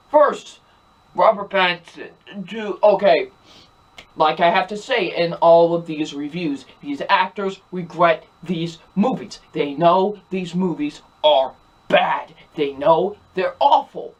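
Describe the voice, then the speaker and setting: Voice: medium pitch, slow. A movie reviewer in full rant, exasperated and emphatic. The talk keeps looping back to the same complaints, hammering each point with repetition. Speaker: film reviewer.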